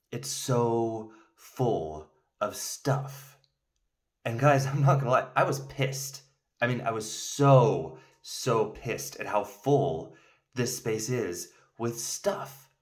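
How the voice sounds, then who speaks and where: A man casually telling a made-up story to camera, rambling with many fillers and restarts. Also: low-pitched. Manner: acts out indignant outbursts in the story. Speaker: video host telling a story.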